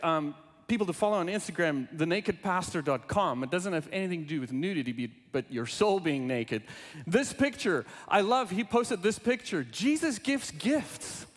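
A male pastor preaching a sermon, playful and lively, reading a children's book aloud with animal noises. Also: high-pitched, normal speed. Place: church sanctuary. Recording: long reverb in a large hall.

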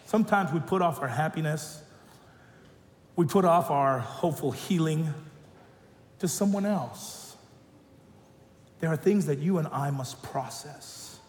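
A male pastor preaching a sermon, telling stories and joking, animated. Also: on the high side, unhurried, long pauses, a little hiss or hum. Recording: echoey church hall.

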